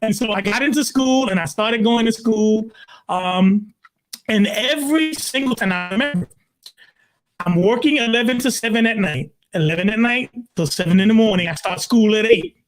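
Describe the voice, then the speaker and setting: Older brooklyn guy, pastor, high voice, animated storytelling, lots of "literally". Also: moderate pace. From Brooklyn, New York. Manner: emphatic, repeats "literally", acts out his own quotes. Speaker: pastor, guest.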